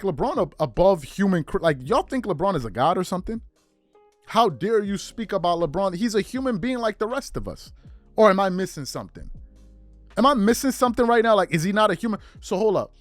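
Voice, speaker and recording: Podcast host, man, heated opinion rant, high and very animated, dry close sound. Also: no room sound. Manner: heated, rhetorical questions, emphatic repetition.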